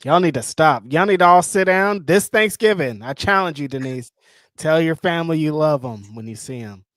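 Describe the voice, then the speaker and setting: A man's voice: a little high, expressive, normal speed, fairly bright tone, dry recording, studio quality. A man co-hosting a wrestling review livestream, teasing his co-host, swearing freely and sounding playfully incredulous. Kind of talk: casual livestream banter.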